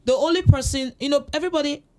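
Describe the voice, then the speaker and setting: A woman, hosting a casual podcast chat and chiming in with quick pidgin reactions. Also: high voice, darkish tone. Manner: chatty, chimes in with pidgin reactions. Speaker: podcast host.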